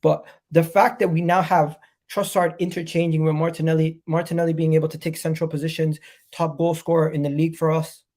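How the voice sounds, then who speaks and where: A man's voice: a little high, flat delivery, a little fast, a little mellow. A man with a cold and a nasal voice, hosting a live fan reaction stream about his football club, talking in an emphatic, repetitive, hyped way. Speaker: football fan channel host.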